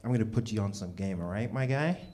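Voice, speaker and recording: A young man doing a stand-up set at an open mic, with a loose, halting delivery full of ums. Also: lowish voice, lively intonation, dark tone. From Canada. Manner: laid-back, halting delivery with many ums. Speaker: stand-up comedian. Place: small comedy venue with a live audience.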